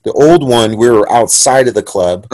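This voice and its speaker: A young man from San Diego tells a fight story on a podcast, swearing freely and acting out other people's voices. His voice sits at an ordinary middle pitch. The sound is dry and close. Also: moderate pace, dry recording. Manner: animated, profane, acts out quoted voices. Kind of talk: casual storytelling.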